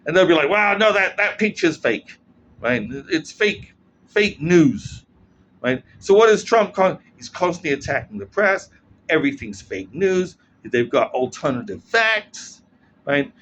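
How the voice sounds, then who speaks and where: Man, blunt sardonic commentator, frequent "right?" tag questions, raised lively pitch, muffled lo-fi sound. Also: measured pace, slight background noise. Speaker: political commentator. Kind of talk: casual explanatory monologue. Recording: muffled lo-fi recording.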